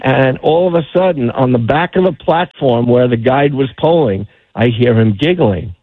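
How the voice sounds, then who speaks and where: A man's voice: mid-range voice, expressive, moderate pace, dry recording. A middle-aged man, a fishing guide, telling fishing stories on a radio call-in with many restarts. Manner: chatty storyteller, many restarts. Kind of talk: phone-in radio chat. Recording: tinny phone line.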